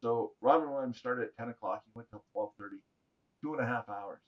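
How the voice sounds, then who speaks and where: A middle-aged man, a podcast guest, telling animated stories in a jokey way and acting out the voices of people he quotes. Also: mid-range voice, brisk. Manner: jokey, acts out quoted voices, laughs often. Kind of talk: animated storytelling. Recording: slightly dull lo-fi audio.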